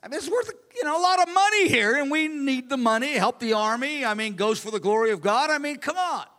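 A man voicing a boastful, excited king who gushes loudly and turns defensive when pressed. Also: extremely high pitch, brisk, pitched above the performer's own voice, full character voice. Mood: wheedling. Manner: loud, gushing, defensive. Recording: long hall reverb.

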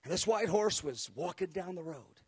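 A man recounting a spiritual experience as an animated personal testimony, acting out the people he quotes and chuckling as he goes. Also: high voice, moderate pace, breathy edge. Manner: acts out the people he quotes, with cries and hushed voices.

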